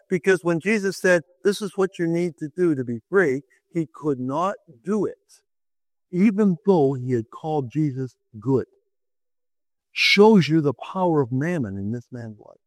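A man's voice: unhurried, dry recording, low-quality recording. A man preaching a sermon, telling a Bible story with dramatic swings in his voice and asking the listeners rhetorical questions. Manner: dramatic, swings pitch to act out quoted voices.

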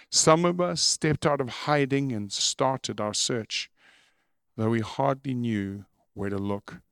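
Slow, measured male preacher. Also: on the low side, dry recording, clean studio sound. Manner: slow, measured reading that turns into emphatic preaching. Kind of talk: sermon with read-aloud opening.

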